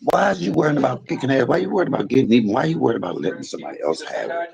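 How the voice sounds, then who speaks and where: A man live-streaming from a hospital emergency room bed, talking in an animated, preachy way and repeating himself as he speaks to his viewers. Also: mid-range voice, racing, creaky, highs cut off, a crowd in the background. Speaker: livestream host. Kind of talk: casual live stream talk.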